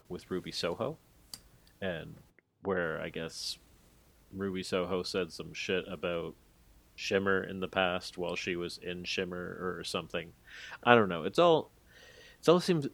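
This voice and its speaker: Low-voiced man rambling on a podcast. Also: gravelly, no echo. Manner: rambling, hedging, many fillers. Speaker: podcast co-host. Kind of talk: casual podcast chat.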